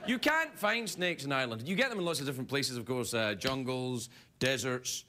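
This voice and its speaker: A man's voice: mid-range voice, fairly quick, crowd noise. A man with a Scottish accent, hosting a late-night show and delivering a jokey comedy monologue. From Scotland. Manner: jokey, animated, slips into silly voices. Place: TV studio with live audience.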